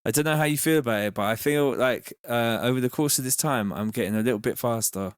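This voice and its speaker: A man's voice: mid-range voice, quick pace, clean tone, dry recording, studio quality. A man casually chatting while producing a track, laid back and reading out viewer comments. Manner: laid-back, chatty, reads chat aloud. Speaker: music producer streaming. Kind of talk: casual live-stream chat while producing. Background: faint music.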